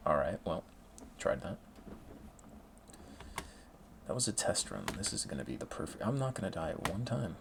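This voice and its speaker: A man's voice: low voice, very animated, normal speed, vocal fry, pauses often, slight background noise. A man chatting casually at home while studying and gaming, rambling with self-mocking asides. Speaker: vlogger studying for an exam.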